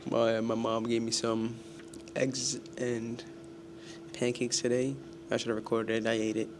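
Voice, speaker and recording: A man's voice: mid-range voice, little pitch movement, unhurried, noisy background. A young man talking casually in his vlog about school, exasperated and self-deprecating. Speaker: student vlogger.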